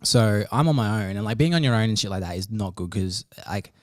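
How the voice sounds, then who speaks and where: A young Australian man with a fairly low voice talks loosely on a podcast, drifting between half-finished thoughts and swearing freely. He acts out other people's lines as he goes. The sound is dry and close, with no room echo. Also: animated, brisk. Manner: rambling, swears freely, acts out quoted dialogue. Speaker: podcast host. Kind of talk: casual podcast chat.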